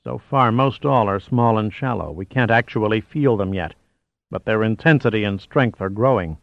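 A man's voice: on the low side, normal speed, vocal fry, no echo, highs cut off. A man voicing a gloomy, hesitant male seismologist who sounds worried. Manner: dismal, hesitant.

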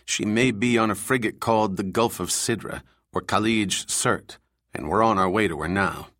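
A man's voice: lowish voice, normal speed, fairly bright tone, dry recording, clean studio sound, lightly acted. A man doing a defiant mercenary captain. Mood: determined. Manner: defiant, blunt, scoffing. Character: hot-tempered male mercenary captain.

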